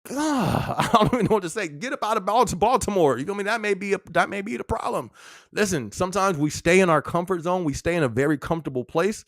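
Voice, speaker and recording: Young male live-stream host, high-ish voice, loose slangy chatter, frequent laughs, dry booth sound. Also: lively intonation, fast, a bit bright, no room sound. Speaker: podcast host. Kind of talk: casual live-stream chat.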